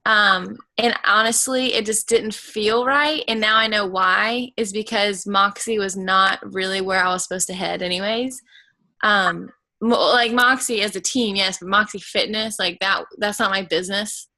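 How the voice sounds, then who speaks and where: A chatty woman talking over a video call about running her fitness business. Her voice is bright and clear at a middle pitch, and she talks in quick bursts that keep correcting themselves. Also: fairly even intonation, low-quality recording. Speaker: fitness business team member. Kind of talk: casual video call chat.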